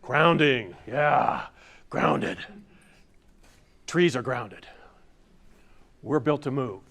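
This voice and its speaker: A man's voice: mid-range voice, extremely slow, fairly bright tone. Playful older man leading a movement workshop. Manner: playful, demonstrative, acts out overblown theatrical lines. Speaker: masterclass presenter. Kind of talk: workshop lesson with audience exercises. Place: room with a live audience.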